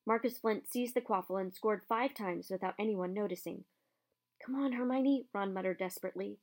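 Woman reading a storybook aloud. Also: mid-range voice. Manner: steady storytelling. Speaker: audiobook reader.

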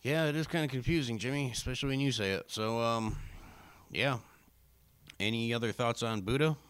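A man hosting a casual comedy podcast in a flat, halting way, full of fillers. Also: mid-range voice, clear, resonant tone, no echo. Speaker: podcast host.

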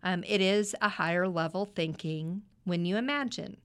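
A middle-aged woman, a podcast guest, telling a family story in a lively way. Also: fairly low pitch, normal speed, smooth. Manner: animated storyteller, acts out quoted voices. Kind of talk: conversational storytelling interview.

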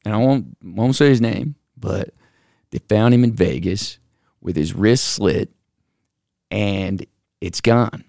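Middle-aged man, low and gravelly, casual animated storyteller who acts out the dialogue. Dry sound. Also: takes it slowly, long pauses, no room sound. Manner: animated, acts out quoted voices, many fillers. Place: office.

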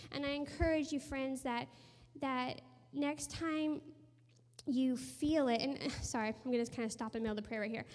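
A high-pitched woman in her thirties preaches with earnest storytelling. She sometimes drops to a hushed voice for emphasis. Her voice rings with the long reverb of a hall. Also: fairly even intonation, moderate pace. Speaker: speaker sharing a testimony. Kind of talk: sermon testimony and prayer. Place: room with a gathered audience.

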